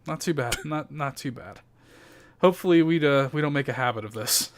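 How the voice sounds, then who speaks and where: A man's voice: on the high side, a little fast, dry recording, lightly acted. A man doing a terse half-orc woman fighter. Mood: wry.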